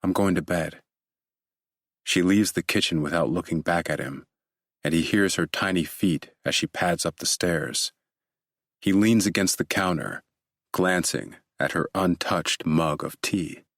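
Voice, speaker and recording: Deep-voiced male audiobook narrator. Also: a little slow, fairly bright tone, no room sound, studio quality.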